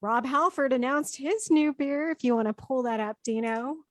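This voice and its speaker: A woman's voice: high voice, moderate pace, no room sound. A woman hosting a casual podcast chat, talking freely and steering the group to the week's stories. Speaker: podcast host.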